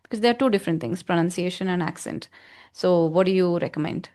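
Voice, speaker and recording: Attentive woman interviewer, low voice. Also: quick pace, mellow. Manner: attentive, frequent affirming backchannels. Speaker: interview host. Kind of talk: conversational interview.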